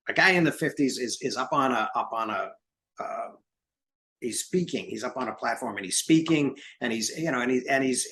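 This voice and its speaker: A man hosting a book club discussion, talking in a rambling, halting way with many restarts. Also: fairly low pitch, pushed and bright, rough recording. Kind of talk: casual discussion.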